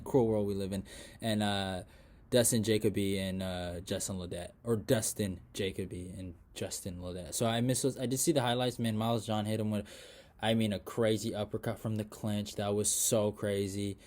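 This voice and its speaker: Young man, casual fight recap vlog, rambling, lots of fillers, swears, mumbled asides, loud excited bursts. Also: on the low side. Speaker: MMA predictions channel host.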